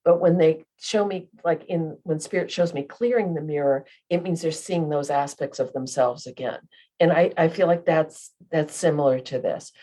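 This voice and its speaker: Low mellow lady cohosting a spiritual podcast, kinda rambly, keeps restarting. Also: normal speed. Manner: rambling, restarts, searches for words. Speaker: podcast co-host, medium. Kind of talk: casual spiritual chat.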